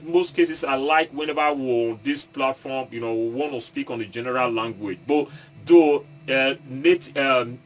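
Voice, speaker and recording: Halting Nigerian man talking to viewers. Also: medium pitch, fairly bright tone. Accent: Nigerian, Edo State. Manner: halting, repeats and restarts, mixes in Pidgin, asks viewers if they follow. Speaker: online commentator and entertainer. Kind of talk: casual monologue to viewers.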